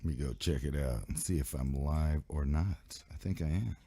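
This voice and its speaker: A man's voice: extremely low pitch, normal speed, mellow, breathy edge, dry recording. A man hosting a live radio show in loose, rambling, profane banter, his voice sick. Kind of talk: casual live stream and radio chat.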